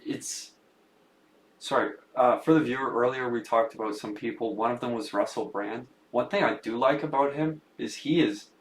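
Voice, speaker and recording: A man's voice: mid-range voice, moderate pace. Man chatting loosely in a roomy echo. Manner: loose, hesitant, many fillers. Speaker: podcast co-host. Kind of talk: casual podcast conversation. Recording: roomy echo with faint hum.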